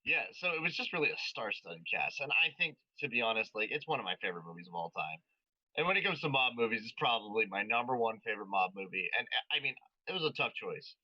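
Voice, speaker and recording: A man's voice: mid-range voice, very animated, fast, bright, forceful tone, dry recording. A man co-hosting a casual podcast chat, rambling with restarts and laughing easily. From Irish heritage, New England. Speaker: podcast co-host. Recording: dull lo-fi sound.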